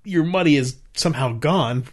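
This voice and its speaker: A man's voice: fairly high pitch, normal speed. A man co-hosting a podcast, explaining things in casual chat with many restarts and fillers. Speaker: podcast co-host.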